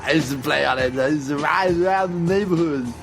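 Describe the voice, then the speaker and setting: A man's voice: fairly high pitch, vocal fry, over music. A man co-hosting a casual movie commentary podcast, joking and mocking the scenes and slipping into silly voices. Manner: jokey, mocking, quick to slip into silly voices. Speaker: podcast co-host.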